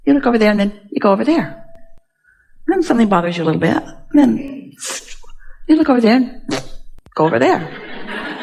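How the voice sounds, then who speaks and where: A woman's voice: medium pitch, vocal fry, a little mellow, husky. A woman giving a live seminar talk, speaking emphatically to an audience member, repeating phrases and asking rhetorical questions. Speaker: spiritual teacher at a workshop.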